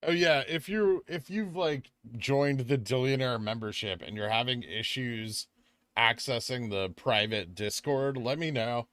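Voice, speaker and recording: A man hosting a live trading stream, reading chat aloud and talking casually with lots of fillers, drifting from quiet murmurs to excited bursts. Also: medium pitch, a little slow, no room sound. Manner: rambling, filler-heavy, swings from quiet muttering to excited bursts. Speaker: livestream trading host.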